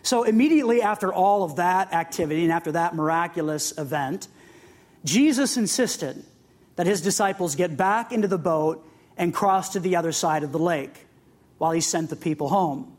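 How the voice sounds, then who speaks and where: A preacher delivering a sermon in an easy, conversational way. The voice sits at an ordinary middle pitch, moving between scripture reading and light asides. Questions are put straight to the listeners. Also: normal speed. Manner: conversational, with humorous asides and laughs; asks the audience direct questions.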